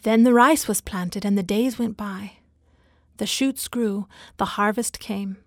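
A woman narrating a fable in a soft, lyrical, often half-whispered reading. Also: medium pitch, fairly even intonation, a little slow, no echo, clean studio sound. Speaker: storyteller. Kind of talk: scripted narration.

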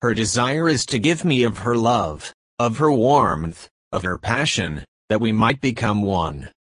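A man voicing an adoring divine bridegroom in a devotional reading, slow and pleading, lingering on each phrase. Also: fairly low pitch, lively intonation, a bit bright, no room sound, studio quality. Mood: yearning. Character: adoring divine male bridegroom, yearning and tender.

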